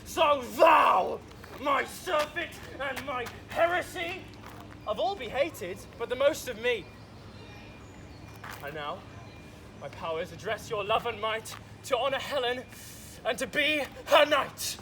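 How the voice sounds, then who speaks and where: A man playing the young lover Lysander in an outdoor stage production, delivering verse with passion and sometimes shouting. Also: extremely high pitch, expressive, slow, exaggerated voice. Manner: impassioned, at times shouting. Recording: outdoor recording with clear background noise.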